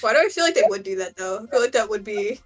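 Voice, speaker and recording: A woman's voice: medium pitch, animated, quick pace, soft background music, poor audio. Giggly, hesitant woman player. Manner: giggly, hesitant, full of fillers. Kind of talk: casual tabletop game play.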